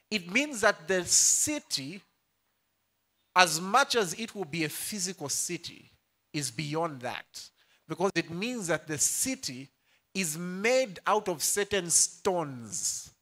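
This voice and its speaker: A young man preaches from the pulpit in a bright, ringing voice that swings widely up and down. He takes his time over each phrase, joking and calling out to the congregation as he reads scripture. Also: a little high. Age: young adult. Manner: playful, laughs often and calls out to the congregation. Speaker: pastor. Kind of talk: sermon.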